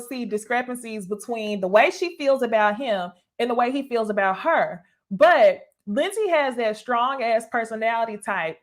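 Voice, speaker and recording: A young woman giving casual reaction commentary on a reality show, blunt and profane, laughing often and talking straight to her viewers. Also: fairly high pitch. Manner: addresses viewers directly as "y'all". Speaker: YouTuber reviewing a reality dating show.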